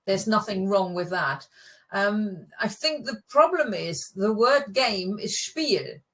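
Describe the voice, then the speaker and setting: A woman whose first language is German explains phrases in a relaxed lesson. She corrects pronunciation patiently and talks through each point in a friendly, conversational way. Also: medium pitch, slow. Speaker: German teacher.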